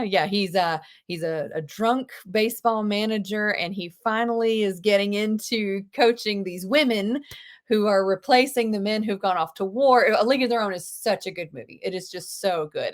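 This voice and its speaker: A woman teaching a live online English class, animated and chatty, with gasps and quick asides to her students. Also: medium pitch. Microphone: video call.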